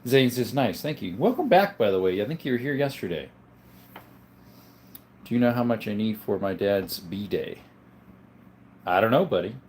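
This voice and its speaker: A man's voice: lowish voice, animated, normal speed, pauses often, a little mellow. A man hosting a livestream, casually reading viewer comments aloud and answering their questions one by one in a laid-back way. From Arizona, US. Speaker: livestream host.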